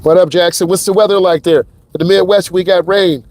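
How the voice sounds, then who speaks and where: A driving instructor talks through each move from behind the wheel, hyped and speaking straight to his viewers. His voice sits a little high for a man and sounds close and dry, with no room echo around it. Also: steady tone, a little fast, darkish tone. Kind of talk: live driving lesson commentary. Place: inside a car while driving.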